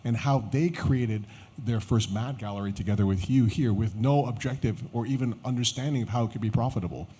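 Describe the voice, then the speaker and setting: A man setting up an interview question on stage in a measured way. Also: mid-range voice, dark tone, slightly rough.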